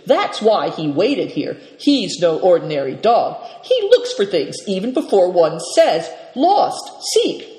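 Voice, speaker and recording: Reader doing a proud stubborn young girl, firm, bouncy pitch, echoey room. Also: sing-song, measured pace, few pauses, a little mellow. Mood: insistent. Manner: firm and insistent. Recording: echoey room with long reverb.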